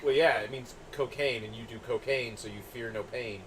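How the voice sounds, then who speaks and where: A man's voice: mid-range voice, normal speed, over a noisy crowd. A young man co-hosting a podcast, chiming in with dry, sarcastic jokes in casual banter. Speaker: podcast co-host. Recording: distant mic, faint noise.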